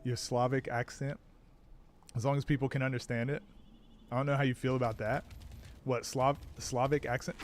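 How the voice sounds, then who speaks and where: A man's voice: medium pitch, level tone, moderate pace, long pauses, slight background noise. An American man chatting casually on a live stream, answering chat while he plays a game. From United States.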